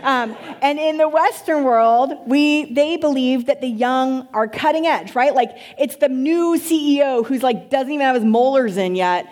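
A woman pastor teaching a church congregation in an animated way, asking the room questions. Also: high-pitched, normal speed, hardly any pauses.

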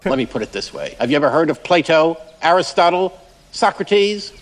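A man's voice: fairly high pitch, expressive, moderate pace, lightly acted. An actor playing an arrogant, scornful male criminal mastermind who talks down to others, heard from a distance. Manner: condescending, mocking.

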